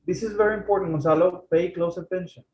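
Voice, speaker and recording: A man's voice: high voice, steady tone, fast, echoey room, muffled recording. A man tutoring a student in a casual session, encouraging him and checking often that he is ready. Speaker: English tutor.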